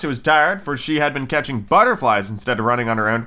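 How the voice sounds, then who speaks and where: Podcast host, male, bright tone, casual reader, swears freely. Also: medium pitch, lively intonation, fast talker. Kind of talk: casual storybook reading with profane commentary.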